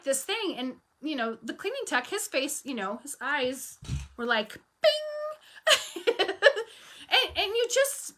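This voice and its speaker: A woman coaching on running a cleaning business, telling stories frankly and firmly, acting out bits of dialogue. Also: high voice. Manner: animated storytelling, acting out dialogue; firm and frank. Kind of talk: casual talk to camera.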